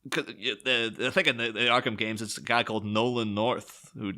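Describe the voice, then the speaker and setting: A man's voice: mid-range voice, fairly even intonation, brisk, bright, forceful tone. A man co-hosting a podcast, chatting casually and rambling with lots of restarts. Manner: rambling, enthusiastic, many restarts. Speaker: podcast co-host. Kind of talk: casual film podcast chat.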